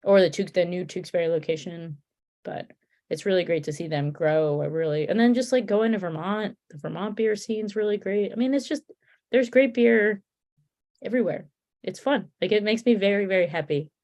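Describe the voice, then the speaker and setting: A woman's voice: medium pitch, normal speed, darkish tone. A woman in casual chat, talking in an upbeat way with many fillers.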